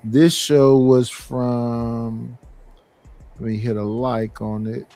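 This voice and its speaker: A man streamer chatting casually and calmly explaining a clip. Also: mid-range voice, takes it slowly. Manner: calm, explaining. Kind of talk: casual chat.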